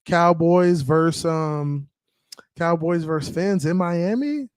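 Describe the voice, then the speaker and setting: A man's voice: fairly high pitch, slow, smooth, dry recording. A man hosting a casual sports fan livestream, reading out chat messages and greeting viewers by name in hyped, slangy talk. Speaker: fan podcast host reading live chat.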